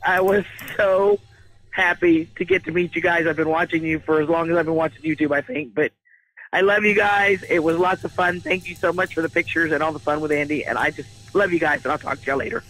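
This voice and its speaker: A hoarse woman calling in to a chat show, laughing often and speaking affectionately. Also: low-pitched, fairly even intonation, brisk, fairly bright tone, rough recording. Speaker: caller. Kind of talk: call-in chat.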